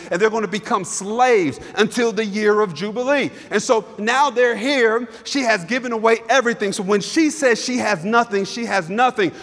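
Fervent high-voiced male preacher. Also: a bit bright. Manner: fervent, repetitive, emphatic preaching. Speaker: pastor. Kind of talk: sermon. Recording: long hall reverb.

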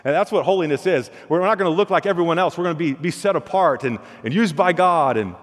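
A man's voice: a little high, animated, quick pace. A male pastor preaching a sermon in a folksy, storytelling way, often restarting and repeating words. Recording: long hall reverb.

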